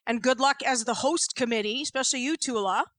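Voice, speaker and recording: A woman hosting a podcast interview, retelling a bench story as an animated storyteller. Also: a little high, fairly quick, no echo. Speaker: podcast host and coach. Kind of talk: conversational interview.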